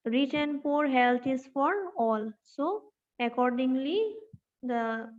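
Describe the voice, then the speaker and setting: High-pitched teacher lady dictating to a class, spelling words out, muffled lo-fi sound. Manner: dictates notes slowly, spelling words letter by letter; asks the class questions. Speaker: health teacher. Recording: dull lo-fi recording.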